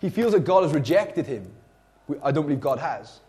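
A man with a high voice delivers a sermon. He reads scripture and then talks it through conversationally, with emphasis and plenty of fillers and restarts. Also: big pitch swings, a little fast, a little mellow. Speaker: preacher.

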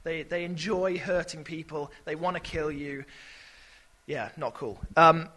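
A man preaches in a relaxed, conversational way, turning animated whenever he acts out a scene. His voice sits high for a man, bright and forward. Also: a little slow, poor audio. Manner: conversational and animated, with sudden shouted character voices. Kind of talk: sermon.

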